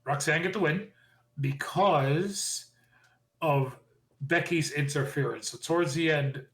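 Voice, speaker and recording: A man co-hosting a podcast, casually recapping wrestling shows with animated opinions. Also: on the high side, low-quality recording. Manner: animated, quick recapping with impressions of quotes. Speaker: podcast co-host.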